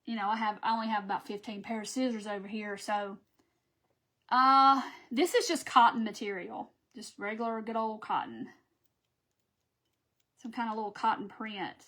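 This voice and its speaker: A chatty woman with a drawl talks viewers through a craft project live, her voice sitting a little high. She chats along as she works and laughs at her own fumbles. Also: normal speed, pushed and bright. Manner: chatty, laughing at herself, talking to viewers while working. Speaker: craft host. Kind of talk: live craft stream chat.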